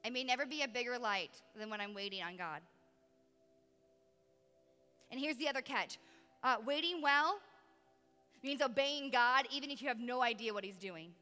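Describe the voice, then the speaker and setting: A woman youth pastor giving a lively, conversational sermon with emphatic pauses. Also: fairly high pitch, clean tone, in a large hall.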